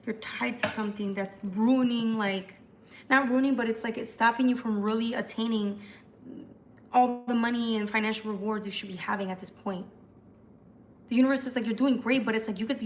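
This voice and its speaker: A woman doing a live tarot forecast, talking fast and chatty, often restarting mid-phrase. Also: on the high side, slight background noise. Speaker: tarot reader.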